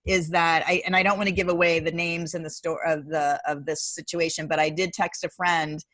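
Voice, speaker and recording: A woman co-hosting a casual chat, telling a story in an animated way and quoting what people said. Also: low-pitched, brisk, no echo. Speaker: co-host.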